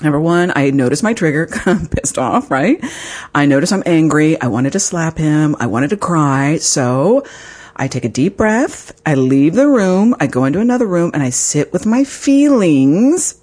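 A woman's voice: low-pitched, sing-song, unhurried, a little mellow. A woman hosting a podcast, talking frankly and laughing at herself, with the odd swear word. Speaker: podcast host. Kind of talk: candid conversational podcast talk.

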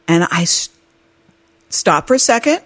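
A woman hosting a podcast, telling a personal story in a chatty, animated way and laughing as she talks. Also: measured pace. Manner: animated, jumps into high-pitched voices when reenacting her panic; chatty, laughs while talking. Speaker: podcast host.

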